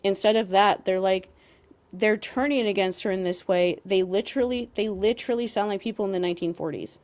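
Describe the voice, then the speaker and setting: A woman's voice: mid-range voice, brisk, darkish tone. A young woman co-hosting a podcast, ranting emphatically with lots of "like" and some swearing. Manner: heated and emphatic, heavy use of "like", swearing. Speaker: podcast co-host.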